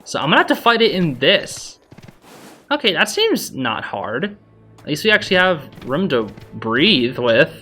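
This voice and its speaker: Young let's-play host, chatty and excitable, bright voice, talks to the game creatures, light music under it. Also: mid-range voice, measured pace. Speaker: gaming channel host. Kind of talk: blind let's-play commentary.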